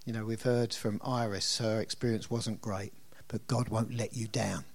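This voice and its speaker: His voice is lowish, his tone steady, and he speaks at normal speed as this middle-aged man delivers a conversational sermon. He regularly asks the congregation questions.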